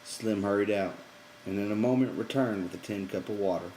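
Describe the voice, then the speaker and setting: A man narrating an audiobook in a low, measured voice. He keeps a steady storytelling pace between characters' lines, with a faint hiss of background noise behind him. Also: poor audio. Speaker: reader.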